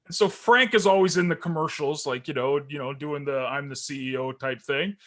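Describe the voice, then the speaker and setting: A man, co-hosting a casual sports podcast, telling stories in an animated way and laughing often. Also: on the high side, fairly quick. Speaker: co-host.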